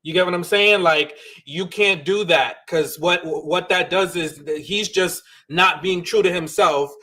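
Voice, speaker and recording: A man co-hosting a podcast, recapping a reality show in a casual, animated way and acting out the lines he quotes. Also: high voice, measured pace. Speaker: podcast co-host.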